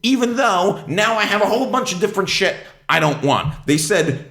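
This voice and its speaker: A man's voice: high voice, fairly quick. A man hosting a podcast, telling a comic story about fighting with his cable company. He swears a lot and acts out both sides of the phone calls. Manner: animated ranting, swearing, mimicking phone reps. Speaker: podcast host. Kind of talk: casual comedic storytelling. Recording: echoey room.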